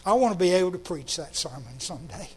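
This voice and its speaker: A man preaching a sermon, telling a story in a gently emphatic way. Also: on the high side, lively intonation, quick pace, slightly rough. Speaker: pastor.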